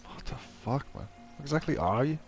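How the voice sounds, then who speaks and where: A man's voice: medium pitch, lively intonation, a little fast, faint music behind. A man streaming a video game, commenting casually, swearing and reading his choices aloud.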